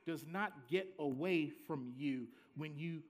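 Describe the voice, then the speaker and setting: A male pastor preaches a sermon slowly, swinging dramatically from soft, low asides to loud, high-pitched cries.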